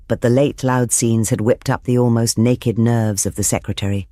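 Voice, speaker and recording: A man narrating an audiobook of a classic novel in a measured, expressive reading. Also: medium pitch, no echo, clean studio sound. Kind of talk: scripted narration.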